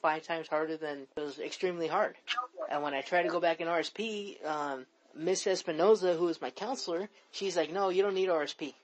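A man's voice: on the high side, steady tone, fairly quick, poor audio. A young man, rambling and repeating himself as he swears his way through a story on a casual podcast chat. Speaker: podcast co-host.

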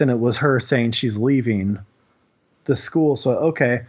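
A man's voice: medium pitch, a little slow, husky. A man who works as a kindergarten teacher, telling a story in casual, rambling chat, swearing freely and filling his talk with "like". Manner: rambling, profane, heavy on "like". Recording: dull lo-fi recording.

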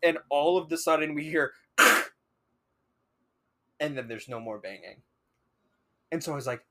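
Animated young man swearing through a story. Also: on the high side, measured pace, pauses often. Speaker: podcast co-host. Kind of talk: casual storytelling.

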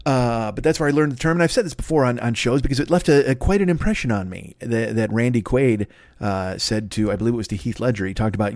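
A man's voice: mid-range voice, fast talker, a little mellow, dry recording. An older man hosting a solo podcast, rambling through profane, self-mocking comic tangents into a laptop microphone. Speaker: podcast host. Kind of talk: solo comedic rant.

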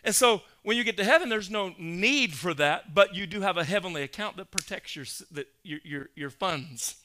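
High, bright-voiced preaching man. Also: animated, moderate pace. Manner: emphatic, builds to loud, insistent peaks, quizzes the congregation. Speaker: pastor. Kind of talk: sermon.

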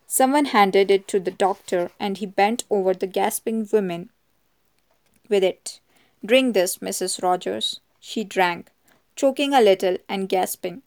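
A woman narrating a mystery novel as an audiobook in a measured, even manner. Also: medium pitch. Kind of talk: audiobook reading.

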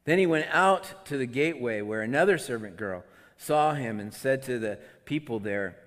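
Animated preacher in a reverberant hall. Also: male voice, medium pitch, moderate pace. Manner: animated, swings between loud outbursts and quiet asides. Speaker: pastor. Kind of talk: sermon.

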